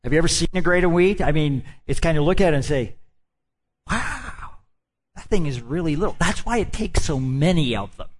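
A man's voice: on the high side, lively intonation, fast talker, hardly any pauses. A man preaching a sermon. He draws out his phrases for emphasis and puts questions to the congregation. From Midwestern United States.

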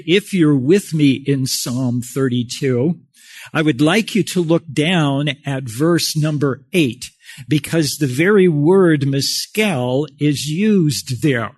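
Slow-speaking folksy male pastor. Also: a little high, expressive, breathy edge, dry recording. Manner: folksy and conversational, with self-deprecating humor. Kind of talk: sermon.

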